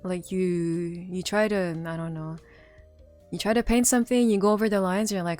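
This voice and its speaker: This woman streamer rambles casually to viewers, stumbling through fillers and restarts and laughing a lot. Her fairly low, slightly mellow voice moves at normal speed, with faint music beneath.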